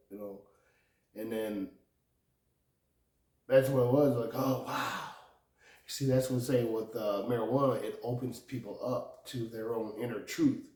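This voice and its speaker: Guy rambling and swearing, laughs a lot, yells sometimes, mid pitch, far off the mic. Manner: meandering, profane, laughs often, bursts into loud outbursts. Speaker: vlogger. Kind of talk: rambling personal monologue. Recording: echoey room, distant from mic.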